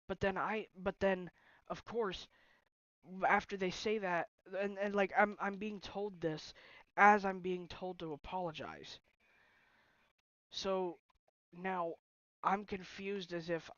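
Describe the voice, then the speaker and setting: A young man vents in a personal vlog, frustrated and halting, stumbling through restarts. The recording is dull and lo-fi. The room around him sounds close and dry. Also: high voice, fairly bright tone, no echo. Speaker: vlogger. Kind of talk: emotional personal vlog rant. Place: bedroom at home.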